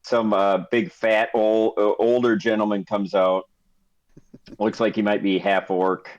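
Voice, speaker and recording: Unhurried man running a tabletop game. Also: fairly low pitch, level tone, dry recording. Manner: unhurried, full of fillers and restarts as he describes the scene. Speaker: game master. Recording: slightly dull lo-fi audio.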